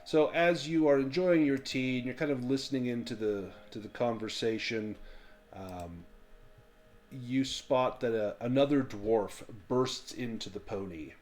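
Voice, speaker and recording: A man running a tabletop game as game master, narrating in a halting way with many fillers. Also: medium pitch, darkish tone, slight background noise.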